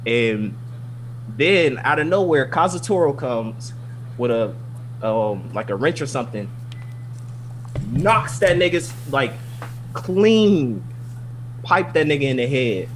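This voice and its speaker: Animated profane man recapping anime. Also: mid-range voice, a little slow, long pauses, slight background noise. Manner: animated, profane, rambling retelling. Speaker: podcast co-host. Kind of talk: casual anime recap chat.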